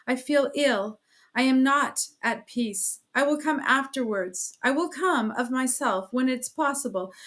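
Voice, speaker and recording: A woman's voice: high voice, a bit bright. A woman voicing a tormented, brooding young man. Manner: halting, strained pleading.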